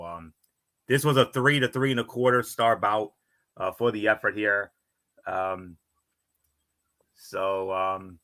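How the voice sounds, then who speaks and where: A man's voice: on the low side, pushed and bright. A man co-hosting a wrestling recap podcast, talking loosely with lots of fillers and trailing sentences. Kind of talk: casual recap chat.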